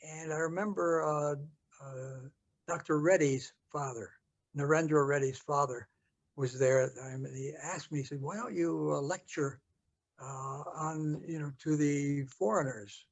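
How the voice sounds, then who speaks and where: An older American man telling a story from his past in an interview, halting with many fillers and restarts. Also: a little high, fairly even intonation, gravelly. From United States. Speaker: interview guest. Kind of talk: storytelling recollection.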